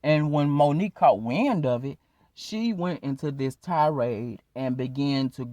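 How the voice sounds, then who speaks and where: A man with a middle-pitched voice in a dry, close recording. He recaps events in a relaxed, conversational way, with hedges and fillers. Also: measured pace, dry recording. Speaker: YouTube commentary host. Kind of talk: casual commentary narration.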